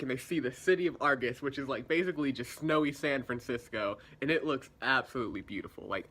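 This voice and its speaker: A man's voice: medium pitch, bright, forceful tone. A young man recapping and reviewing a show episode in a casual, sarcastic, chatty way, slipping into voices for quotes.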